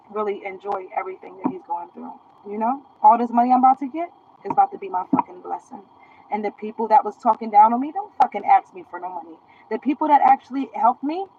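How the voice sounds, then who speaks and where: A woman's voice: a little high, darkish tone, highs cut off, slight background noise. A woman streaming live from her phone, ranting in a defiant, boastful, profane way. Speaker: social media live streamer. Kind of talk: casual live-stream rant.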